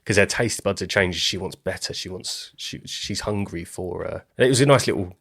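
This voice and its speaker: A man co-hosting a podcast, retelling film scenes with wry, deadpan humor in casual chat. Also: sits low, moderate pace, creaky, husky, no echo, studio quality. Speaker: podcast co-host.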